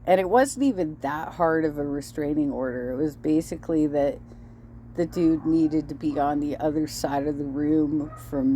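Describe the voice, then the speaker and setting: A woman's voice: sits low, warm tone, a little hiss or hum. A woman hosting reaction commentary, blunt and cutting, often sarcastic. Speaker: commentary channel host.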